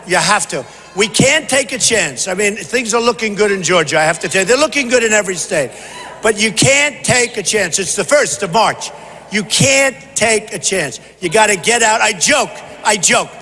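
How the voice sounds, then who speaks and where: A man giving a campaign rally speech in a large convention hall, punchy and repetitive, often shouting. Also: high-pitched, expressive, moderate pace. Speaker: presidential candidate. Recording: long hall reverb, faint noise.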